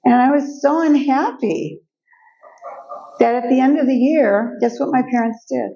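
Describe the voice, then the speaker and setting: An older woman speaking as a guest speaker, telling personal stories in a lively way and acting out the voices of the people in them. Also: high voice, a little slow, highs cut off, a little hiss or hum. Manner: lively storytelling, acts out quoted voices. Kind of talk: personal storytelling talk. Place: event room.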